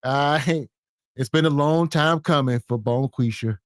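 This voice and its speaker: A man's voice: fairly high pitch, unhurried, no echo, clean studio sound. A man co-hosting a podcast, making wry, sarcastic jokes in reaction commentary. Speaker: podcast co-host.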